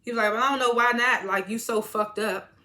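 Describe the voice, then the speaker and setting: A woman's voice: a little high, fairly even intonation, brisk, pushed and bright. A woman giving a casual episode recap, retelling scenes by quoting the characters in slangy talk and laughing often. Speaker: TV episode reviewer.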